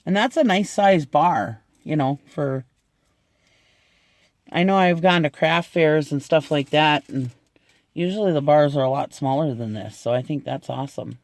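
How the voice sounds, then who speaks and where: This unboxing vlogger is a middle-aged man who talks casually, full of gushing and frequent laughter. His voice sits a little high, and the recording is dry.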